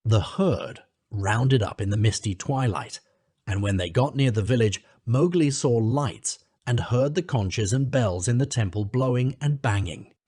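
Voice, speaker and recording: A man reading a classic story aloud, narrating with a lively delivery and shifting his pitch to voice the characters. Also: measured pace, breathy edge, no room sound, studio quality.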